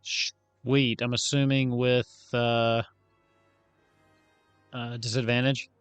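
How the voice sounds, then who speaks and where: A man playing a tabletop game, quick with a joke and prone to muttering to himself while rolling dice. His voice sits at an ordinary mid pitch. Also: level tone, clear, resonant tone, no room sound, soft background music. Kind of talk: casual game chat.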